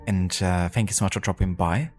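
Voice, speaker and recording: A man's voice: deep voice, fairly quick, a little mellow, faint music behind. A man streaming a video game live, chatting casually and thanking viewers with many fillers. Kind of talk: casual live-stream chat while gaming.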